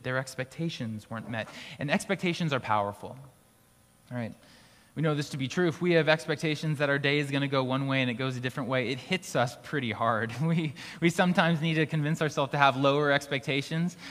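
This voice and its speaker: In a school auditorium serving as a church gathering space, a male pastor preaches with a medium-pitched, slightly bright voice. He's conversational, restarting sentences and laughing lightly now and then, while a long hall reverb trails his words.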